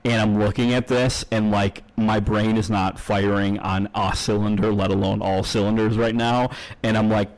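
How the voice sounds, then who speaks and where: A man's voice: lowish voice, little pitch movement, normal speed, rough recording. A man co-hosting a podcast, telling a long story in casual chat, rambling with lots of fillers and frequent swearing. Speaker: podcast co-host.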